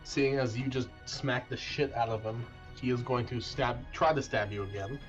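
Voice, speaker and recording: A man's voice: medium pitch, steady tone, normal speed, muffled recording, faint music behind. A man narrating as game master of an online tabletop game, describing the action with many "uh" restarts. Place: home streaming setup.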